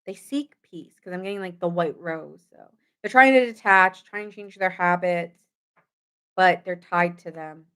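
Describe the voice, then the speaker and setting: A woman's voice: on the low side, a little slow, fairly bright tone, clean tone. A woman giving a casual late-night tarot reading, chatty and goofy, joking often. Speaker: tarot reader.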